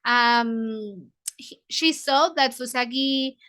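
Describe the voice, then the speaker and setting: Slow, bright-voiced woman. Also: on the high side. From Mexico. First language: Spanish. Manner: paraphrases lines, glosses words in Spanish. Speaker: book club leader. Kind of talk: explaining a novel to English learners.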